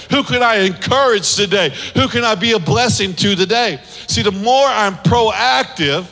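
Bright, high-voiced preaching man. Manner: emphatic, repetitive preaching with rising exhortations. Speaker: pastor. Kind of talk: sermon. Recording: long reverb of a large hall.

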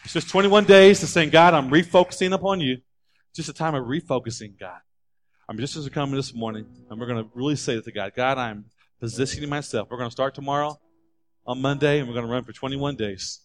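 A man preaching a sermon as a pastor, animated and climbing into loud, emphatic stretches. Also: medium pitch, fairly quick.

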